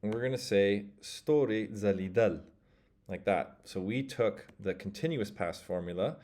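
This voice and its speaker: A man teaching a casual spoken language lesson, explaining grammar step by step and saying example phrases slowly so the learner can repeat them. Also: fairly low pitch, darkish tone. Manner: explains step by step, models phrases slowly and leaves pauses for practice.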